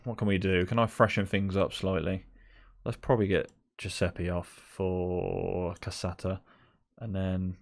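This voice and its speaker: A young man with a fairly low voice commentates live on a game. He is chatty and exasperated, and talks straight to the players on screen as if they could hear him. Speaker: gaming video creator.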